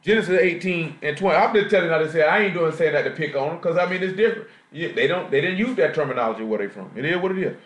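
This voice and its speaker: A man with a highish, fairly bright voice preaches a slangy street-talk sermon at a racing clip, barely pausing and full of expression, often putting questions to the congregation. His Southern US accent is from Jacksonville, Florida. It's a live stream from an echoey church assembly room.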